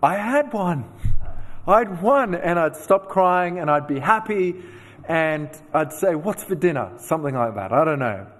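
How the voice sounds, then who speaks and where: Aussie pastor guy preaching, slightly high voice, big hall reverb, chatty storytelling. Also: moderate pace. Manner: storytelling, animated with self-deprecating asides. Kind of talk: sermon.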